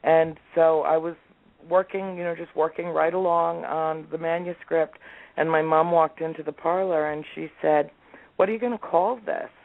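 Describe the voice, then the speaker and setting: Over a tinny, dry phone line, a sixties-aged woman with a low voice and moderate pace recounts family tales as an interview guest. She's a lively storyteller who performs what each relative said.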